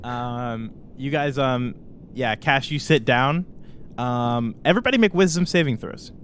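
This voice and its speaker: A man narrating as game master for a tabletop game, loose and hesitant with many pauses. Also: mid-range voice. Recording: faint background noise.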